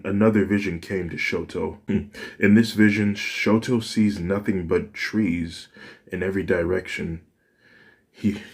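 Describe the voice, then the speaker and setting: A man reads a fan story aloud in a low, deep voice. He takes his time over each line and keeps a plain, unhurried delivery. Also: a little mellow. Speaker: narrator.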